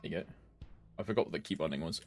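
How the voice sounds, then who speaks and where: A man's voice: low-pitched, racing, a little mellow, soft background music. A man streaming a game live, chatting casually, joking, swearing and scat-humming to himself.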